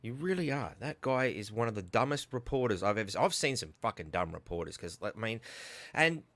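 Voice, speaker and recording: A man's voice: on the low side, expressive, fairly quick, a bit bright, dry recording. An Australian man hosting a podcast, delivering an angry, profane commentary rant. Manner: profane, insulting, heated. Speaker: podcast host.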